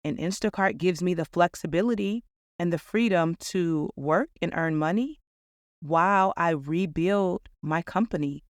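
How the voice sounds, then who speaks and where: Casual upbeat woman podcaster, smooth clear tone, earnest storytelling. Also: fairly low pitch, unhurried, no echo, clean studio sound. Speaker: podcast host. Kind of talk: reflective podcast monologue.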